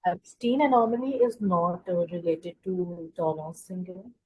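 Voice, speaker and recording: Woman, student, lowish mellow voice, husky, dry sound, hesitant. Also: unhurried, no echo, rough recording. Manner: hesitant, questioning. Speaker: student asking a question. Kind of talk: question in an online class.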